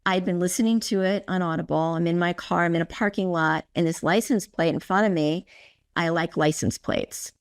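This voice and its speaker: A woman's voice: fairly low pitch, normal speed, smooth. A woman hosting a podcast interview, talking in an effusive, storytelling way and acting out her own past remarks. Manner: effusive, tells stories with quoted inner speech. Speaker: podcast host. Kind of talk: casual conversational interview.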